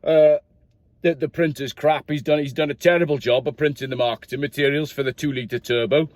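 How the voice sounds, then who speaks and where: A man's voice: fairly high pitch, steady tone, fairly quick, darkish tone, lightly acted. A man voicing a flustered, comic Italian car-company employee in a put-on Welsh accent, rambling in exasperation.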